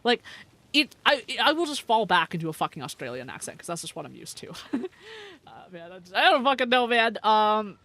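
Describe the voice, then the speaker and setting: A woman's voice: medium pitch, big pitch swings, brisk, a bit bright. A young woman chatting casually on a livestream, giggling often and talking in a rambling, slangy, profane way. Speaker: streamer.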